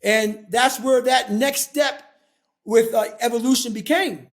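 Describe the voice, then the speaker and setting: A man's voice: very high-pitched, a little slow. A man in his forties, a podcast guest, telling a story in an intense, emphatic way, swearing often. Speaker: guest, former Navy SEAL and endurance athlete.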